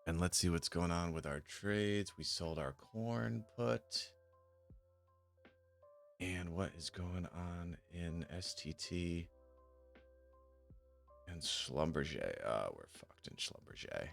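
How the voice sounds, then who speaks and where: With faint music in the background, a deep-voiced man speaks slowly, with vocal fry and long pauses. He's live-streaming casually, gaming and looking over options trades, muttering and cursing when things irritate him.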